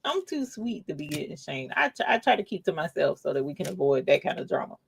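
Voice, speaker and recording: A woman's voice: low voice, fast, vocal fry, slight background noise. A woman hosting a casual craft livestream, playfully reading viewer comments aloud and calling out cheerful greetings. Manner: playful, lively, calls out "holler" and "yes, honey".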